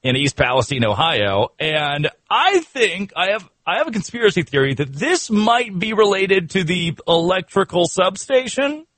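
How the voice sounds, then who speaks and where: Animated, laughing sports radio host man. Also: high voice, normal speed, hardly any pauses, slight background noise. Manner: animated, laughing, mock outrage. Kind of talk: comic sports talk riffing.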